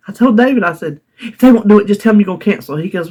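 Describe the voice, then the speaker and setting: A woman's voice: medium pitch, expressive, very fast, a little mellow, slightly rough. A woman from North Carolina with a Southern US accent, casually telling a long story in her vlog, laughing often as she recounts her frustration. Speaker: vlogger.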